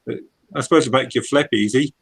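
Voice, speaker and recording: A man's voice: mid-range voice, fast, vocal fry, breathy edge, poor audio. A man on a casual video call, asking questions and musing keenly about old planes. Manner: enthusiastic, asks questions, muses aloud. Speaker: guest on a hobby hangout.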